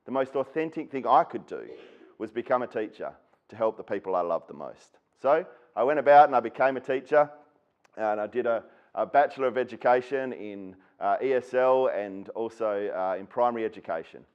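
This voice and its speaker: An Australian man speaks at an education symposium, telling a personal story in an earnest, straightforward way. His voice sits at an ordinary pitch for a man. The recording sounds somewhat dull and lo-fi. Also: lively intonation, fairly quick, clean tone. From Western Australia. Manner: earnest storyteller who acts out quoted people. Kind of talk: personal storytelling keynote talk.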